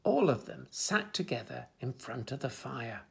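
A man reading a children's picture book aloud in a gentle, expressive way. His voice is slow and gravelly, swinging widely in pitch as he tells the story.

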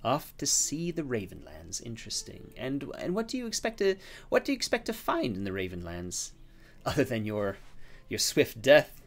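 A man's voice: medium pitch, wildly swooping pitch, normal speed. A man doing a sly, mocking female elf.

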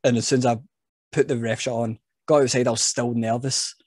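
A man's voice: mid-range voice, fairly quick, husky, dry recording, clean studio sound. A man, a wrestling referee guest, telling stories in a casual chat and laughing at himself. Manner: animated storyteller, laughs at himself.

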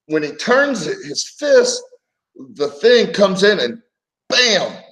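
A man's voice: high-pitched, slow pace, rough recording. A man co-hosting a casual wrestling talk show, telling a story from his wrestling days and acting out the voices in it. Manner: animated storyteller, acts out quoted voices. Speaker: podcast co-host, former wrestler.

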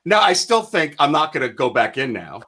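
A man co-hosting a casual recruiting talk show, excitable and teasing, often stumbling and restarting mid-sentence. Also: fairly high pitch, brisk, breathy edge. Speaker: podcast co-host, recruiter. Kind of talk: casual chat.

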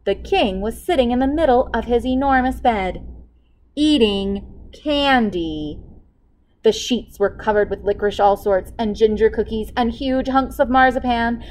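A woman librarian reading a picture book aloud to children with expressive storytelling. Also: a little high, measured pace, a little hiss or hum, poor audio.

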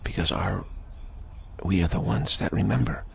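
A man giving a slow, contemplative spiritual talk, halting and repeating words, his voice rough with early morning. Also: low voice, a little hiss or hum. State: early morning voice, clearing throat. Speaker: spiritual teacher.

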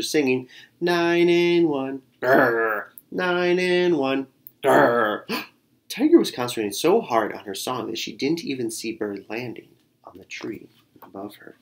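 A man narrating a picture-book folktale aloud in an expressive reading style. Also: medium pitch. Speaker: storyteller. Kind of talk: read-aloud storybook narration.

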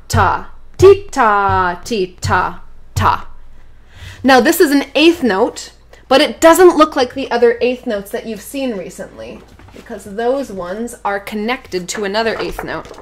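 A woman leads a children's rhythm lesson as a music teacher, speaking slowly and patiently. Her voice sits a little high, and she encourages the class as she chants rhythm syllables.

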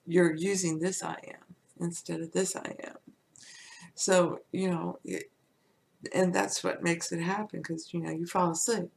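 A woman hosting a podcast, teaching in a casual, rambling way with many "you know" fillers, sometimes dropping to a soft near-whisper. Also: fairly low pitch, steady tone, normal speed, gravelly, breathy edge. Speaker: podcast host. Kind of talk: casual spiritual teaching talk.

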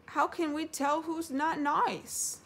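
A woman voicing a gentle, slow-witted, honey-loving bear in a storybook read-aloud, speaking in a slow wondering way. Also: sits high, fairly even intonation, creaky, voice pushed up, exaggerated voice.

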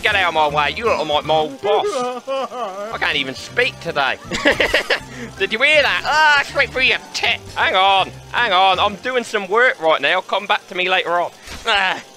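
A man giving playful commentary on a VR game, laughing often and yelling in the fights. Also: high voice, rough recording. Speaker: gaming YouTuber. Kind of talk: VR gameplay commentary.

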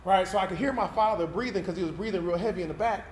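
A man's voice: high voice, racing. Man, pastor, candid sermon, keeps asking "right?", echoey event hall. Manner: candid, conversational, tag questions like "right?". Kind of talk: personal testimony sermon. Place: event hall used for Sunday service. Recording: roomy hall sound with faint noise.

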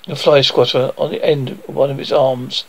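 A man's voice: mid-range voice, fairly even intonation, moderate pace, creaky, slightly rough, low-quality recording. A man reading a children's adventure story aloud, voicing the sound effects theatrically. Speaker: storyteller reading his book.

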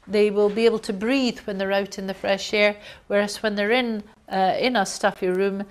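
A woman giving a lecture, explaining at length with fillers and acting out coughing fits and gasps. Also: medium pitch. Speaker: homeopathy lecturer. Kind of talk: recorded lecture.

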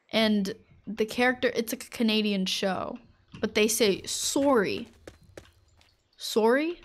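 A fairly high-voiced woman chats through a live gaming stream, rambling from thought to thought. Her talk is loose and filler-heavy, and she breaks into laughter often. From United States.

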